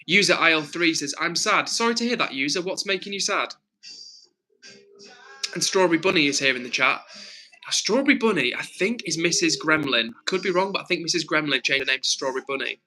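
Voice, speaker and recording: On a rough recording, a young Englishman hosts a livestream, reading chat messages aloud and replying to viewers in a friendly, chatty way with a frog in his throat. His voice runs on the high side, pushed and bright, with lively intonation and a slightly fast pace.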